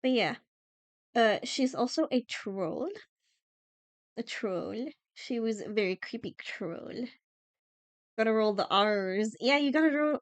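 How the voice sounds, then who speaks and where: A woman's voice: fairly high pitch, takes it slowly, pauses often, no echo. A young woman from Iceland chatting casually on a livestream, giggling often and using lots of fillers.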